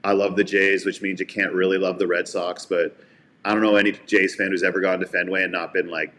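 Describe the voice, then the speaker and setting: A man with a fairly low voice co-hosts a sports chat show and drifts into long, heartfelt stories about the ballpark. He talks casually and easily, and his tone grows sincere as he gets to the point. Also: little pitch movement, fast, slight background noise. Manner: warm storytelling, heartfelt. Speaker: podcast co-host.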